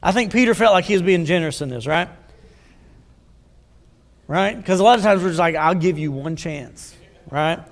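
A man's voice: high voice, expressive, brisk, pauses often, long reverb tail. A man preaching a sermon as a pastor, talking in a conversational way and putting questions to the congregation. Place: church sanctuary.

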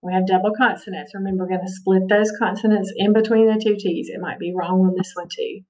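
A woman's voice: medium pitch, steady tone, fast, darkish tone, recorded from a distance, slight background noise, poor audio. A woman teacher giving a recorded phonics lesson, patient and checking in with "okay" often.

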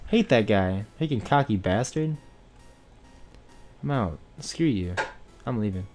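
A young man giving let's play commentary on a game, excitable and swinging from mumbles to shouts. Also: on the low side, slow pace, soft background music. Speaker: gamer playing a Pokemon randomizer.

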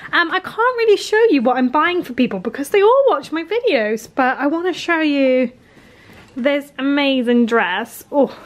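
A woman, chatting casually through her day for a home vlog. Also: high voice. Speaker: vlogger. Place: home kitchen, indoors. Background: household appliances humming.

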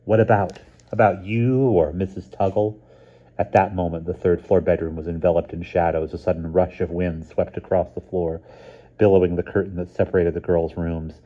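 A man reading a children's novel aloud in a calm, even narrating voice. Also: low-pitched, brisk, lo-fi sound. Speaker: reader. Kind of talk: storybook narration.

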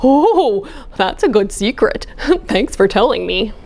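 A woman's voice: medium pitch, big pitch swings, slow, darkish tone, pitched below the performer's own voice, full character voice. A woman voicing a friendly chatty frog.

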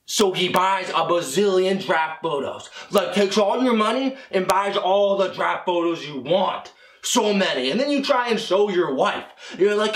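A man with a high voice spins a rambling, deadpan tale of absurd mishaps. He tells it as stand-up, and the sound bounces around a roomy, echoing space. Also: moderate pace. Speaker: stand-up comedian.

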